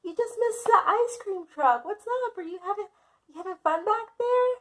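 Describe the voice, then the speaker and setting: A woman voicing her cheerful parents greeting their kid in a high, sing-song, carefree tone. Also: expressive, moderate pace. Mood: cheery.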